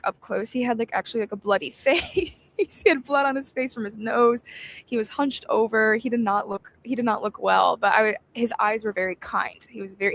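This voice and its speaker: A young woman giving a casual devotional talk, chatty and storytelling, laughing often. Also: a little high. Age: young adult. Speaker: devotional host.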